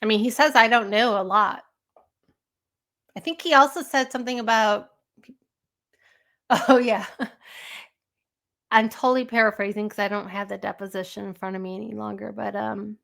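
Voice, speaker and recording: A woman's voice: medium pitch, gravelly, a bit bright. A woman hosting a casual live stream, rambling, laughing often and chatting with her viewers.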